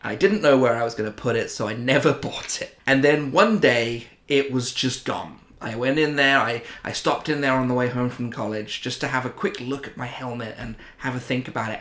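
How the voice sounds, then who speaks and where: British male vlogger, middling pitch, lively and self-amused storyteller, roomy echo. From United Kingdom. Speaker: collector vlogger. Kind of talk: casual storytelling.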